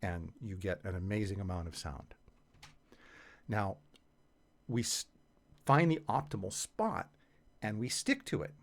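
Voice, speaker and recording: A man giving a voice lesson, talking through singing technique in a relaxed, patient way. His pitch moves around a lot as he speaks, and he sounds like he is chatting more than lecturing. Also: measured pace, creaky, long pauses. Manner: conversational, explains patiently with casual fillers. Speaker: singing teacher. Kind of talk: explanatory voice lesson.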